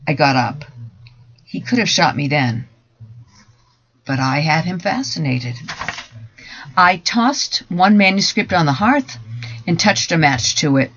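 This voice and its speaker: A man giving a dramatic first-person story reading in a measured, deliberate voice that drops to hushed softer passages. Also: on the high side, expressive. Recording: dull lo-fi recording.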